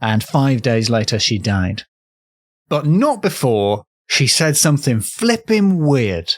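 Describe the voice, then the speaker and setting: A man's voice: medium pitch, big pitch swings, slow pace, no room sound, studio quality. A man hosting a comedy podcast, telling folklore stories in a rambling, playful way and correcting himself as he goes. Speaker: podcast host, storyteller.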